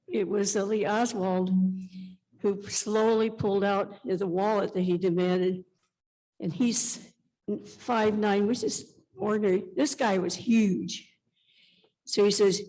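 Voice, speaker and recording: A woman's voice: mid-range voice, measured pace, poor audio. Older woman telling stories on stage. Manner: animated storytelling, acts out quoted speech. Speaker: interview guest. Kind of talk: conference stage interview.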